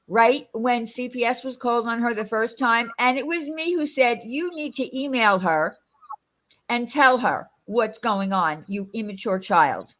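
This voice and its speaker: A woman's voice: a little high, animated, a little slow, fairly bright tone. Woman host of a casual stream, heated and profane, rambling delivery. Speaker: channel host. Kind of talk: casual livestream chat.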